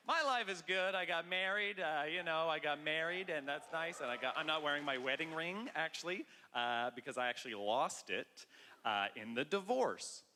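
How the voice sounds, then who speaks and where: A man in his thirties from Canada performing a loud, excitable stand-up comedy set with mock bravado. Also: a little high, normal speed, noisy background. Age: 30s. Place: large theater stage. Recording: live stage audio with long hall reverb.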